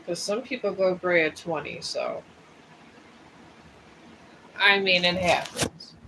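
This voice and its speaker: Male tarot reader on a livestream; high-ish voice, rambling and chatty, laid-back. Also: slow, pushed and bright, a little hiss or hum, rough recording. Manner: rambling and chatty, drifting between topics. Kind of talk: casual livestream chat. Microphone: streaming setup.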